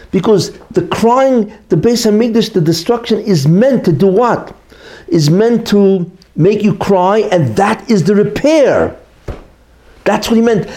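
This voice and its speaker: A man's voice: fairly high pitch, mellow. A middle-aged man teaching a Torah lesson, emphatic and repetitive, posing rhetorical questions and then answering them. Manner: repeats key points for emphasis. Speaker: religious teacher.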